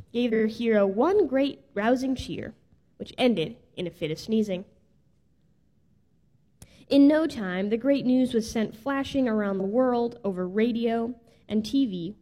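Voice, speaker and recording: Storybook narrator: woman, fairly high, mellow, expressive, in a reverberant hall. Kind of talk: storybook read-aloud.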